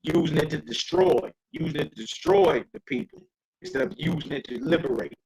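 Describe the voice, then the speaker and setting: A man leading a streamed bible study in an animated, joking, slangy preaching manner. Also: fairly high pitch, brisk, vocal fry, poor audio.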